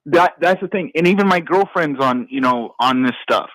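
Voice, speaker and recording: A man's voice: fairly high pitch, animated, a bit bright, no room sound, rough recording. Choked-up man holding back tears. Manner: halting, stammering. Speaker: caller. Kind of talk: phone-in conversation.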